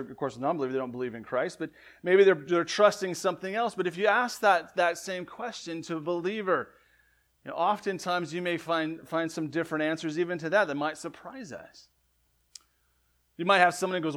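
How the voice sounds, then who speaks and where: A man preaching a sermon in a conversational way, often asking "right?", correcting himself, and swinging between loud emphatic lines and quiet ones. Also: a little high. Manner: conversational, frequent "right?" asides and self-corrections. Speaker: pastor.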